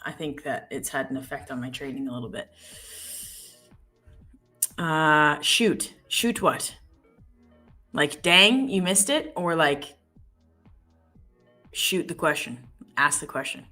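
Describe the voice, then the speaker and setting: A woman with a low pitch and a bright, forceful tone chats through a live trading session. She thinks out loud and fixes her numbers on the fly. Faint music plays underneath. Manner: chatty, thinks aloud, quick self-corrections. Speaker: live trading stream co-host. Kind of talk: casual live-stream chat while trading.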